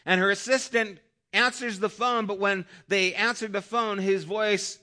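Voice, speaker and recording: A man preaching a sermon as a pastor, retelling a story and quietly voicing the quoted thoughts. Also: high voice, fairly even intonation, a little slow.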